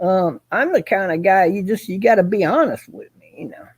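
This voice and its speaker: A man's voice: high voice, lively intonation, a little fast, breathy edge, no echo. A man hosting a casual chat, rambling and swearing, with many fillers and restarts. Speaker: host.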